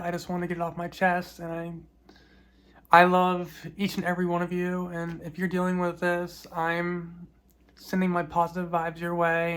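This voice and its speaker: A woman talking in a personal vlog, soft and reflective, grieving, with small laughs between her words. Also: lowish voice. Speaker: vlogger.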